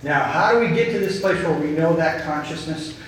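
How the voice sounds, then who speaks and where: An earnest man gives an inspirational talk to a group, telling stories slowly and with emphasis. His voice sits a little high. It echoes heavily around a hall, picked up from a distant mic over faint background noise. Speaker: speaker at a group gathering.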